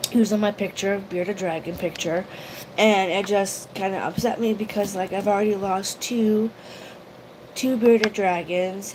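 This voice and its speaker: A woman talks through a casual livestream in an emotional, rambling way, stopping to greet viewers by name. Her voice sits at an ordinary middle pitch. A faint hiss runs under the recording. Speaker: YouTube vlogger.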